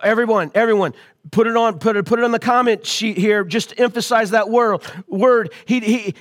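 A man preaching a sermon as pastor, calling out to his congregation and swelling louder on key lines. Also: high-pitched, moderate pace. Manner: call-and-response preaching to an online congregation.

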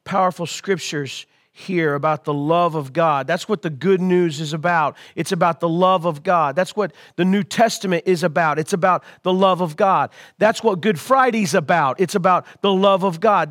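A man preaching a sermon as pastor, calling out to his congregation and swelling louder on key lines. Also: high-pitched. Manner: call-and-response preaching to an online congregation.

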